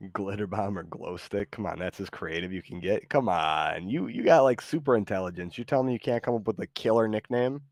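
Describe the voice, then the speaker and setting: A man's voice: fairly low pitch, brisk, darkish tone, dry recording, studio quality. An American man hosting a casual live stream, rambling and hesitant as he reads chat aloud. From United States. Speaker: streamer host.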